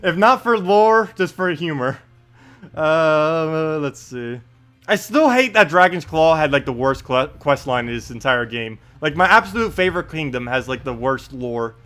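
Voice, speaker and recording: A man casually commentating his live game stream, chatty and quick to laugh, with faint game music behind. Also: a little high, animated, a bit bright.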